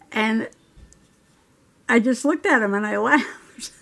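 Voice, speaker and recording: A middle-aged woman with a slightly high, gravelly voice hosts a journaling video. She colors while telling a chatty story, laughing often along the way.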